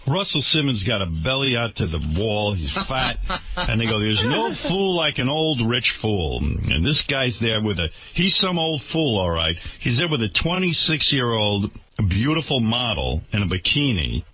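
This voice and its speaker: A man's voice: mid-range voice, big pitch swings, normal speed, bright, forceful tone, slight background noise. A man hosting a radio talk show, ranting indignantly and sarcastically.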